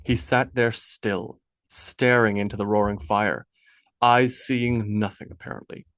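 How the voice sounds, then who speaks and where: A man's voice: on the low side, steady tone, no echo. Solemn male audiobook narrator, dry sound. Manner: measured, solemn, dropping soft on sad lines. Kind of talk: scripted narration.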